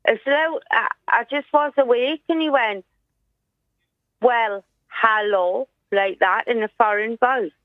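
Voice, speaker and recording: Scared woman calling in, higher voice, rambling and pleading, tinny phone line. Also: expressive, moderate pace, hardly any pauses, no echo. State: frightened. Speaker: caller. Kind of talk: phone-in call.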